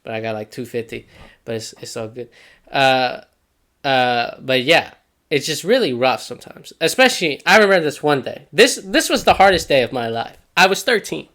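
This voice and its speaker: A man's voice: mid-range voice, expressive, normal speed, a bit bright. Laid-back young man telling stories. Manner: laid-back, laughs often, slangy. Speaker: podcast co-host. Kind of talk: casual storytelling chat.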